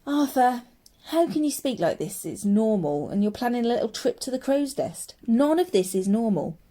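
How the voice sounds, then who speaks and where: A woman's voice: a little high, expressive, normal speed, mellow, voice pushed up. A woman voicing a stubborn, sceptical young girl who speaks firmly and doubts everything around her. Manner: firm and doubtful.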